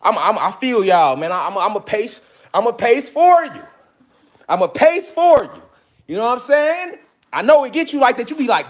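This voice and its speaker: A man's voice: very high-pitched, lively intonation, normal speed. A man giving a profane, preachy lecture to his viewers, full of repeated call-and-response asides. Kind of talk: street-style lecture to viewers.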